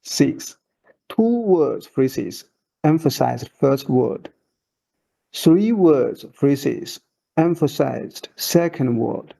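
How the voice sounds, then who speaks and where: Very slow, gravelly-voiced male teacher. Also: mid-range voice, lively intonation, mellow, poor audio. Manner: slow, short broken phrases, drawn-out demonstration syllables. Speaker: Chinese teacher. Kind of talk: slow instructional voice-over.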